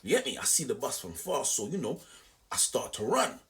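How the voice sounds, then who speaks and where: A young man telling a story to camera in an animated, slangy, repetitive way. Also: medium pitch, a little fast. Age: young adult. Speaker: vlogger.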